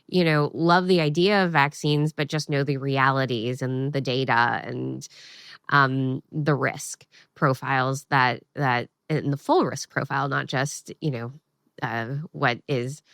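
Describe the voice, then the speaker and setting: A woman hosting an interview, asking long, searching questions with many pauses and restarts. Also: a bass voice, fairly even intonation, creaky, a bit bright, smooth, no echo, clean studio sound. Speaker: podcast host.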